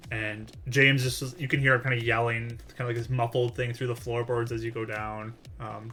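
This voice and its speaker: A man's voice: mid-range voice, sharp tone. A man narrating as game master in a tabletop role-playing session, loose and full of fillers.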